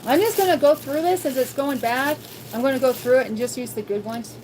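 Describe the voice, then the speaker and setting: A woman's voice: sits high, fairly quick, background noise. A woman hosting a casual cooking livestream from her home kitchen, chatty and thinking aloud as she talks to viewers. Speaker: livestream host.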